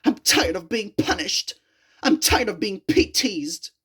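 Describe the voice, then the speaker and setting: A woman voicing a grumpy young male tank engine from a children's storybook, with a whiny, high-strung manner. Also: big pitch swings, takes it slowly, a bit bright, slightly rough, heavily acted. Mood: angry.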